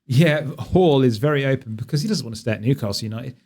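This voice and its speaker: A man hosting a fan channel, reacting to clips in a mocking, animated way and talking back at the screen. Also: mid-range voice, quick pace, slightly rough. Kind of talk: casual reaction commentary.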